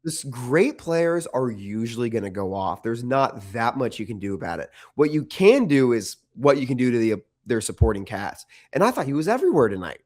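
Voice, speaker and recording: A man's voice: mid-range voice, very animated, normal speed, few pauses, darkish tone. Male sports podcast co-host, medium voice, casual chat, strong opinions, restarts mid-sentence. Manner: opinionated, restarts often, many likes.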